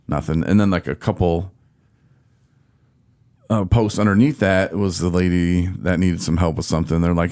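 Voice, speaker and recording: A man from telling a frustrated story in casual podcast chat, acting out his own quotes with animated exasperation. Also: sits low, normal speed. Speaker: podcast host.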